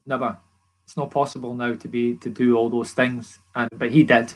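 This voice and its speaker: Speaking with a Scottish accent, a former footballer appears as a guest on a casual podcast, earnestly telling stories with many restarts. His medium-pitched voice stays level at a normal speed.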